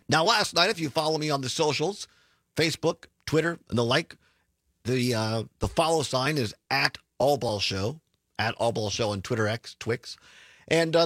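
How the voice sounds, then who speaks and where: Chatty Midwestern talk radio host. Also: male voice, a little high, dry recording, studio quality. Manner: chatty, sarcastic, animated storytelling. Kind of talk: political talk radio monologue. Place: radio studio.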